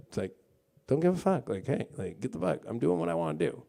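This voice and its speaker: A man's voice: on the high side, sing-song, fast, vocal fry, mellow. A man giving a casual live-stream tarot and astrology reading, rambling, swearing freely and acting out mocking quotes. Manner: rambling, filler-heavy talk.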